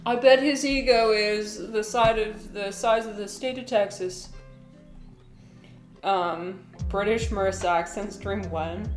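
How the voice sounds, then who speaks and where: A woman's voice: medium pitch, a little slow, roomy sound, soft background music. A woman chatting casually on a live stream, giggling and rambling with lots of fillers.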